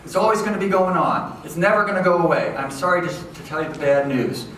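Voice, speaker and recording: A man giving a lively, conversational lecture to educators, often checking in with his audience. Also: a little high, quick pace. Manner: lively, conversational, keeps checking in with "okay?" and "right?". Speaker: education professor giving a talk. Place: large hall with an audience. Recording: echoey hall from far off, faint noise.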